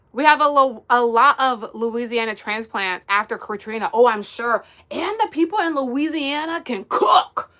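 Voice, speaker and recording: A young woman from the US East Coast chats on her livestream, reading out viewer comments. Her voice is bright and a little high, and she giggles often between easygoing remarks. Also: animated, unhurried. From United States, East Coast. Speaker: livestream host.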